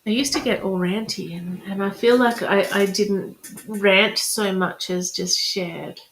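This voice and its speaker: A woman's voice: medium pitch, fairly even intonation, a little slow, a bit bright. A woman speaking as a spiritual reader and coach in a chatty, encouraging live-streamed talk, repeating affirmations. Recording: roomy echo.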